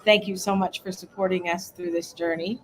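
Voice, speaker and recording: A middle-aged woman on a casual livestream, thanking viewers by name and wandering through little details of her day. Her voice sits a bit low for a woman. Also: steady tone, moderate pace, poor audio. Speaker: cohost of a cruise travel livestream. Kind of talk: casual live chat reading viewer comments.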